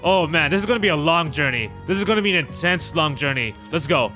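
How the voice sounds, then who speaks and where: A man hosting a gameplay video, chatting casually and excitedly with viewers in slangy talk while he plays, with faint game music behind him. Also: on the high side, fast talker. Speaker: gaming channel host. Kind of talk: casual let's-play commentary.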